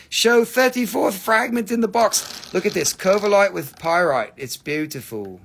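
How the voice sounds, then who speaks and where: A man with a high, husky, fairly bright voice and some vocal fry speaks expressively at a moderate pace. He's hosting a livestream sale of rocks and minerals, chatting casually, cracking jokes, swearing, and teasing his viewers.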